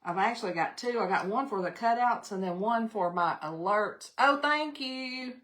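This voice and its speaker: An older Southern American woman hosts a casual live craft demonstration, chatting folksily with viewers as she works. Her voice sits on the high side, animated and fairly bright, at a moderate pace.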